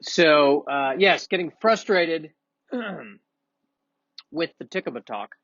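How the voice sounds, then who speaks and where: A man's voice: fairly high pitch, expressive, slow, fairly bright tone, no room sound, muffled recording. A man doing a casual, rambling, self-deprecating monologue, with sniffles and frequent restarts. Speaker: comedian vlogger.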